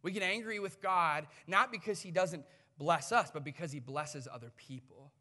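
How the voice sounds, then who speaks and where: A man in his thirties delivers a sermon in a high, bright voice. He tells stories with animated shifts, falling to near-whispers and climbing back to loud emphasis. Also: normal speed. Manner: storytelling, swings from hushed to loud. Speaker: pastor.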